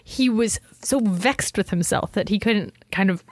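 Animated woman podcast co-host. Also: mid-range voice, dry recording, clean studio sound. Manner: animated, quotes sources aloud, fast asides. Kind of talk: casual conversational history chat.

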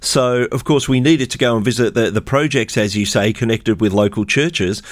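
A man, a radio presenter recalling a trip in a measured, reflective way and asking his co-hosts questions. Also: mid-range voice, no echo. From Australia. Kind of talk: conversational podcast reminiscing.

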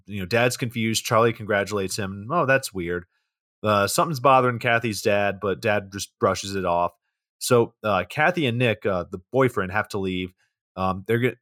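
On a podcast he co-hosts, this man retells a movie's story in a relaxed manner, full of swearing and side comments. His pitch is fairly low and his tone fairly bright. The recording is dry and of studio quality.

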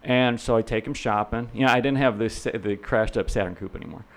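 A man's voice: mid-range voice, brisk. A middle-aged man, a real estate instructor, telling rambling anecdotes as an interview guest, full of fillers and restarts, acting out the people he quotes. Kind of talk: casual storytelling in an interview.

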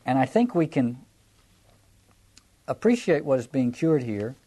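A man giving a reflective lecture on a scripture passage, his voice mellow and dark at a middling pitch. He thinks aloud, stopping and restarting phrases and repeating words as he works through his points. The delivery is explanatory and unhurried. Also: very animated, husky. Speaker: Bible teacher.

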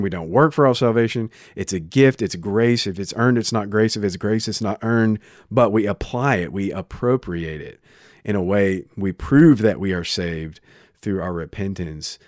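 A man preaching in a relaxed, conversational way, stopping and restarting as he tells stories. His voice sits low. The recording is dry and close to the microphone. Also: no room sound. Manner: conversational, animated storytelling with frequent restarts. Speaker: pastor. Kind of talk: sermon.

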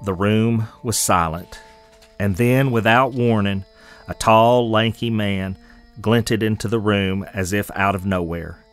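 Low-voiced male storyteller. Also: soft background music. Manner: measured, descriptive storytelling. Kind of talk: scripted narration.

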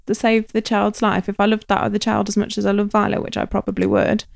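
A woman in her thirties, co-hosting a podcast in casual chat, blunt and quick, swearing freely as she tells stories about her child. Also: medium pitch, level tone, creaky, no room sound. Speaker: podcast co-host, mother.

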